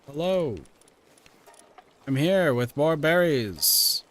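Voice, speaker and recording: A man's voice: on the high side, lively intonation, very slow, fairly bright tone. A man streaming a game, chatting to himself and talking to the creatures he catches. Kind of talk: casual gaming livestream.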